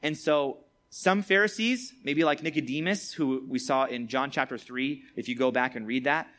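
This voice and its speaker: A youth preacher with a medium-pitched, slightly bright voice talks at a normal speed. His Bible lesson is casual and chatty, dotted with "like" and "all right?" tag questions.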